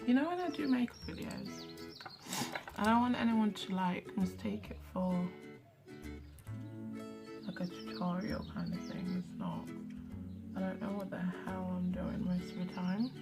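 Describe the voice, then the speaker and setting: Slow, chatty young woman. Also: mid-range voice, very animated. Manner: chatty, rambling with fillers. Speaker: vlogger. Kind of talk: casual vlog chat. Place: indoors at home. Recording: music playing behind.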